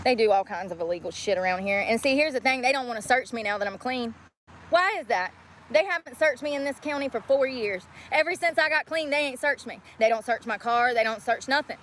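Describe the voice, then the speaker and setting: A woman's voice: on the high side, animated, fairly quick, fairly bright tone, a little hiss or hum. A woman livestreaming outdoors on a street, ranting angrily and swearing, worn out and sore from walking. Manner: profane, combative, ranting. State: weary and in pain from walking. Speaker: homeless livestreamer. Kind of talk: angry livestream rant.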